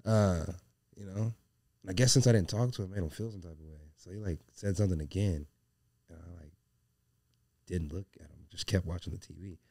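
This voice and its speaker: A man co-hosting a podcast, telling a rambling anecdote in a casual, animated way, full of slang and swearing. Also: low voice, fairly quick, gravelly, pauses often. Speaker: podcast co-host.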